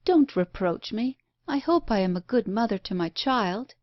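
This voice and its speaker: A woman's voice: on the high side, lively intonation, measured pace, no room sound, dull audio, pitched above the performer's own voice. A woman voicing a pale, listless, melancholy young wife and mother who speaks plaintively. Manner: plaintive and subdued.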